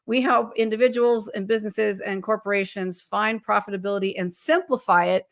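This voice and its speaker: A woman co-hosting a podcast, her voice hoarse and froggy after losing it, upbeat and laughing often. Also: mid-range voice, fairly even intonation, brisk, dry recording, clean studio sound. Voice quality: husky, froggy. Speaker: co-host. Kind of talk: casual podcast chat.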